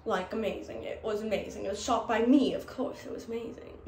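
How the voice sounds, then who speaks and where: High-ish voiced woman doing her makeup, swearing and laughing, echoey room with faint background hum. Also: a little fast, darkish tone. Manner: profane, giggly and rambling. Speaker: beauty vlogger. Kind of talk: casual get-ready-with-me chat. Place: indoors while doing makeup. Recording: roomy with faint ambience.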